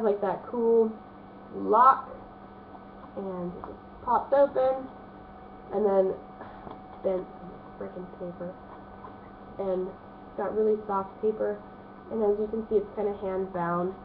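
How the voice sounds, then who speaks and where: A woman in her thirties talks about her new books in a rambling, chatty way, full of fillers. She sounds congested, as if she has a stuffy nose. The audio is thin and phone-like, with a faint hiss behind her. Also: mid-range voice. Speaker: vlogger showing a book haul. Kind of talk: casual chat.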